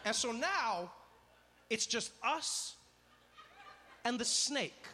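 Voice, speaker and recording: A man doing stand-up comedy, telling a story in an animated way and acting out the people in it. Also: very high-pitched, drawn-out words, slight background noise. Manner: animated, acts out characters.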